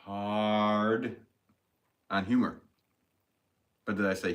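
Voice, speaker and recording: Jokey low-voiced man with a New England accent. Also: a little slow. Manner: jokey, laughs often. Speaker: potter hosting a livestream. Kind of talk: casual livestream chat, reading comments.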